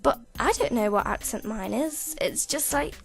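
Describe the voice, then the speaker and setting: Showing a game she's building, a British woman chats casually from her home computer, stumbling over her words, cutting herself off and giggling often. Her animated voice sits on the high side with vocal fry, at a normal speed, over soft background music.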